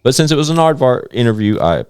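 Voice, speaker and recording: A man hosting a casual podcast chat, talking in an animated, profane way. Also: mid-range voice, fast talker, clear, resonant tone, dry recording, clean studio sound.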